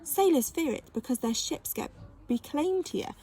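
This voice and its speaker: A woman's voice: sits high, expressive, a little slow, dark tone, voice pushed up. A woman voicing a curious, anxious boy in a storybook reading. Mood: excited.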